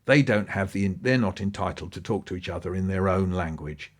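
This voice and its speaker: A man, a guest in a podcast interview, telling stories in an animated way with his pitch swinging up and down. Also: a little fast.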